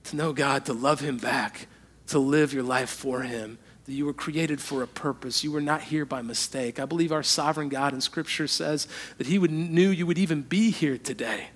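A man preaching a sermon as a pastor, telling funny stories about himself and swinging between hushed, earnest moments and loud, animated ones. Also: a little high, moderate pace. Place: church.

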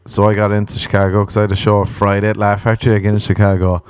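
A low-voiced Irish man spins a comic story in a sardonic, deadpan way, with plenty of swearing. The sound is dry and close. He talks like a comedian chatting casually. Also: quick pace, clear, resonant tone, dry recording. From Ireland. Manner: sardonic, profane, deadpan understatement.

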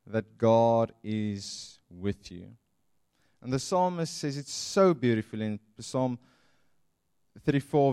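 Man, pastor type: slow, earnest sermon delivery, smooth resonant tone. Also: mid-range voice, darkish tone, no echo, studio quality. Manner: earnest, pastoral, with emphatic slowed phrases. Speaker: preacher.

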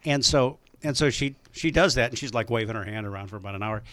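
A man's voice: medium pitch, fast, fairly bright tone, no echo. Male podcast host, casual, rambling and chuckly, at a studio mic. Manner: rambling, laughs a lot. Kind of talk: casual chat. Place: in a studio at a microphone.

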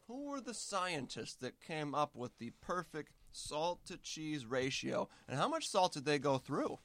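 A man's voice: a little high, big pitch swings, measured pace, fairly bright tone. Rambling mock-serious man, mouth full. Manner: talks with mouth full while eating. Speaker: guest. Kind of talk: casual snack-tasting chat.

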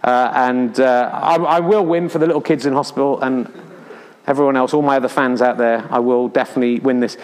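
A man voicing a rude, boastful snooker player who sulks and trash-talks the crowd, in a low drawl. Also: steady tone, fairly quick, darkish tone, big-room sound, close to an everyday voice. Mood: sulky. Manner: rude, sulky trash talk. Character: boastful, bitter rival snooker player, male adult.

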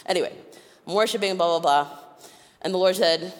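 A woman preaching a sermon, telling personal stories with animated delivery and frequent laughter. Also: on the low side, brisk, long pauses, big-room sound. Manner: animated, acts out voices in her stories, laughs often. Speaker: guest preacher. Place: church sanctuary.

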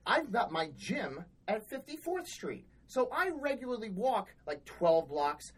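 A woman's voice: mid-range voice, very animated, a little slow, husky, rough recording. A woman co-hosting a podcast, telling work stories in a blunt, exasperated, heavily profane casual chat. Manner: blunt, exasperated, swears often. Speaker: podcast co-host.

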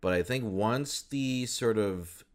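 Very low-pitched male co-host, casual rambling chat, lots of ums. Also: slow pace. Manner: rambling, many fillers and restarts. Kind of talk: casual chat about voice actors.

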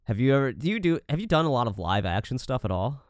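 A man co-hosting a podcast in casual chat, animated and profane, acting out quotes as he talks about directing. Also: medium pitch, fast talker, dry recording, studio quality. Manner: animated, swears a lot, acts out quotes.

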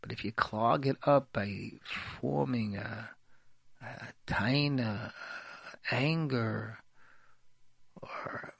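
Gravelly man repeating his advice. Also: mid-range voice, drawn-out words, pauses often, no echo. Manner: repetitive, emphatic, repeats phrases. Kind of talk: radio talk, spoken advice.

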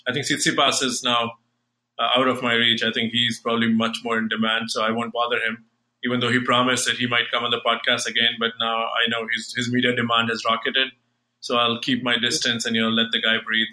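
A man's voice: medium pitch, monotone, brisk, pushed and bright, rough recording. A man hosting a tennis podcast, chatting casually with many fillers and restarts. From United States. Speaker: podcast host.

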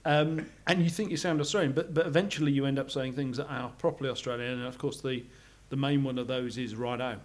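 A man's voice: mid-range voice, fairly even intonation, fast talker. A man co-hosting a podcast in casual chat, self-deprecating and often repeating his words. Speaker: podcast co-host.

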